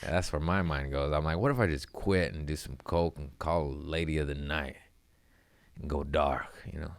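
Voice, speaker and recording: Man comedian, deep smooth voice, rambling profane storyteller, dry close sound. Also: fairly even intonation, normal speed, dry recording. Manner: profane, rambling, laid-back. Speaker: stand-up comedian hosting his own show. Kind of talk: casual storytelling chat.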